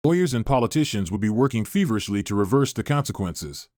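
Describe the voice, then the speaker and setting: A man narrating a first-person story in a scripted, even reading voice. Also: on the low side, quick pace, no room sound, clean studio sound.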